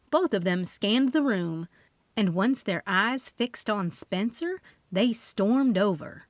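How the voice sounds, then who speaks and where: Lively woman narrating an audiobook. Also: medium pitch, no room sound. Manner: lively, expressive reading. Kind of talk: first-person audiobook narration.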